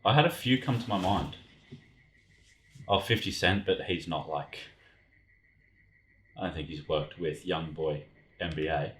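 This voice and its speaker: Man, low voice, podcast co-host, casual banter, swearing, echoey room. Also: measured pace, long pauses, fairly bright tone, a little hiss or hum. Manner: swears freely, laughs often.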